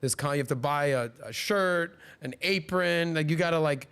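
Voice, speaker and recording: Man in his 40s, podcast host, casual storytelling, slightly high voice, animated. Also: normal speed, creaky, clean tone. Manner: animated, acts out quoted voices.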